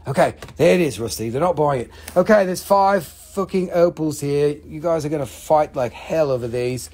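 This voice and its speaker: A woman hosting a live online rock and mineral sale, talking excitably with lots of cursing and quick countdowns. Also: low voice, a little hiss or hum. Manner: excitable, profane, rapid countdowns. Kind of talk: live online sales show.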